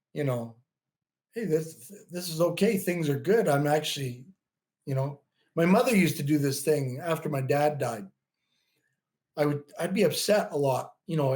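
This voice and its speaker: A bodybuilding coach in his fifties guests on a podcast, telling stories in casual interview talk. He's chatty and animated, says "you know" a lot, laughs often, and has a fairly high-pitched voice.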